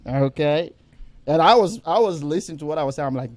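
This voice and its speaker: A young man chats on a podcast in a fairly high register. He tells stories with animated, stumbling energy, swearing freely and breaking into laughter. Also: fairly quick, no room sound. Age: young adult. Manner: animated storyteller, swears freely, laughs often, repeats himself. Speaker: podcast co-host. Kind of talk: casual podcast chat.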